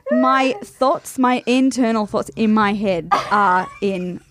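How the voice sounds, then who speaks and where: A woman's voice: a little high, takes it slowly, a bit bright, a little hiss or hum. A woman from Canada co-hosting a podcast, chatty, with hesitant restarts and frequent laughs. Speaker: podcast co-host. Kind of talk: casual chat.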